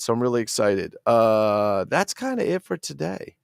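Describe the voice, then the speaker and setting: A middle-aged man with a New Jersey accent hosts a casual livestream, excitable and profane, rambling as he reads out chat comments. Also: medium pitch, moderate pace, vocal fry, smooth, dry recording, clean studio sound. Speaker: toy collector livestream host.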